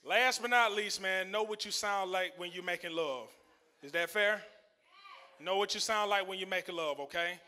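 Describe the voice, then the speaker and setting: High, bright-voiced male stand-up comic. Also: normal speed. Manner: loose, conversational, trailing punchlines with laughs. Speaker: stand-up comedian. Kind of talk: stand-up set. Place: comedy club stage.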